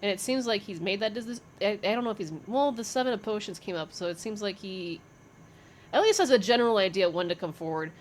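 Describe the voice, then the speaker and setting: A woman's voice: medium pitch, quick pace, a little hiss or hum. A young woman giving a casual tarot reading, thinking aloud with fillers, swearing freely and laughing often. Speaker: tarot reader.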